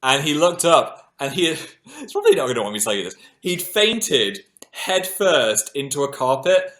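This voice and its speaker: A man's voice: a little high, normal speed. A man in his thirties chatting casually on a livestream, telling stories animatedly, laughing often and poking fun at himself. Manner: animated storytelling, self-deprecating, laughs often. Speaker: livestream host.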